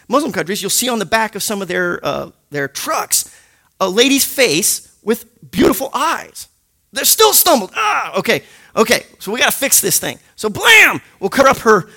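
A man leading a Bible study, his voice high and gravelly with a bright edge. He teaches in an animated, jokey way, firing off sudden punchy sound effects to land his points. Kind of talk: lively teaching talk to a group.

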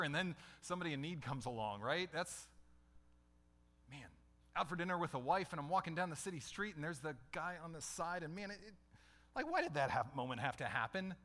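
A man's voice: on the high side, pushed and bright. A middle-aged man preaching a conversational sermon as a pastor, putting questions to his listeners.

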